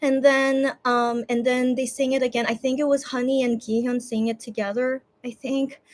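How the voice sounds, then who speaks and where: A woman streamer with a high, flat-sounding voice talks at normal speed to viewers during a fan watch party. She's teary and close to crying, rambling casually with lots of restarts and filler words in an emotional chat.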